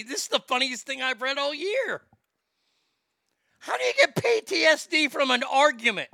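A man's voice: extremely high pitch, big pitch swings, normal speed, creaky, sharp tone, no echo, clean studio sound. A man hosting a ranting commentary, sarcastic and incredulous, swearing freely. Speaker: commentary host.

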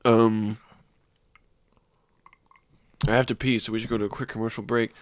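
A man's voice: fairly low pitch, moderate pace, no echo. A man co-hosting a comedy podcast, telling crude stories in casual banter and laughing through them. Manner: laughs through his stories, goofy deadpan jokes. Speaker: podcast co-host.

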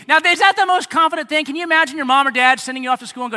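A man preaching a sermon to a young congregation, animated and speaking straight to them. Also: very high-pitched, racing, big-room sound. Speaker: pastor.

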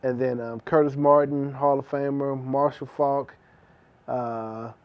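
A man on a casual podcast who talks with a dry, teasing humor and reels off sports names. His voice is mid-pitched, and the recording sounds a bit dull and lo-fi. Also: flat delivery, measured pace, clear, resonant tone. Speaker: podcast co-host. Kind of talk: casual chat.

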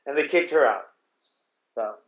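A man's voice: mid-range voice, lively intonation, moderate pace, a bit bright. A man telling a casual story in a rambling way, full of restarts and the odd curse word. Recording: roomy, dull sound.

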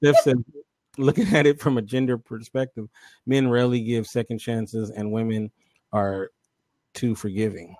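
A man's voice: mid-range voice, steady tone, normal speed, a little mellow, no room sound. A man co-hosting a casual talk show, chatting loosely and reading viewer comments aloud, with many fillers and restarts. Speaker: co-host.

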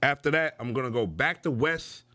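A man's voice: medium pitch, normal speed, bright, forceful tone, no room sound. A man in casual chat among friends, naming songs in an emphatic, profane way. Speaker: podcast co-host.

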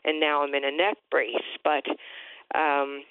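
A woman in her forties calling in to a radio show, halting and hesitant with many restarts, distressed. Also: low-pitched, flat delivery, clean tone, no room sound. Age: 40s. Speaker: caller. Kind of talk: call-in radio. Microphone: phone line. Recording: tinny phone line.

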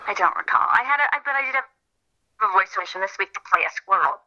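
Woman guest, light youthful tone, very bright, earnest storyteller, lo-fi call sound. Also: mid-range voice, very fast. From Minnesota. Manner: earnest, animated storytelling with frequent laughs. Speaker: interview guest, filmmaker and actress. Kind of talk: casual interview chat.

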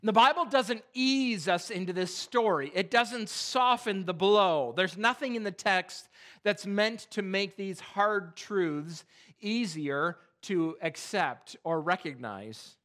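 Pastor guy preaching in church, high bright voice, gets animated telling stories. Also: slow pace. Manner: animated storytelling, voices jokes with rising pitch. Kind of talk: sermon. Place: church sanctuary.

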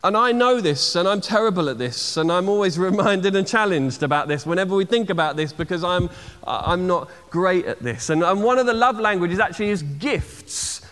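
A man preaching a conversational sermon, full of fillers and restarts, slowing down to stress key words. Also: high voice, animated, fairly bright tone. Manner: conversational, many fillers and restarts, slows for emphasis. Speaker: pastor. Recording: long hall reverb.

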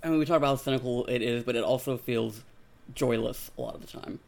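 A man with a gravelly, fry-laden voice talks quickly on a casual podcast. He hedges and fills his sentences with "like." His pitch sits mid-range for a man. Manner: fast, hedging with constant "like".

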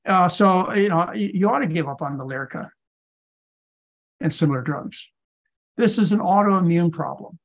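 A man's voice: sits high, moderate pace, long pauses. Emphatic male doctor firing rhetorical questions. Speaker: physician. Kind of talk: lecture-style answers in a podcast Q&A.

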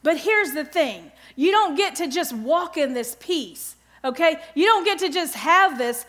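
A middle-aged woman giving an earnest devotional Bible teaching, often pausing to check in with her listeners. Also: high voice, expressive, a bit bright. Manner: earnest, keeps checking in with "okay?".

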